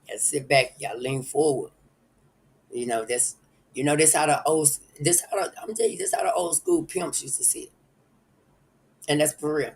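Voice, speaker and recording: A man's voice: a little high, creaky, slightly rough, poor audio. A man hosting a casual live stream, rambling and chuckling as he talks straight to his viewers.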